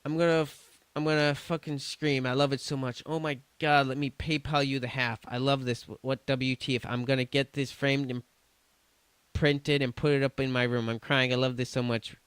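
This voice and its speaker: A man's voice: mid-range voice, little pitch movement, normal speed, fairly bright tone, smooth, dry recording. A man streaming, reading chat messages aloud in a casual, stumbling way with restarts and swearing.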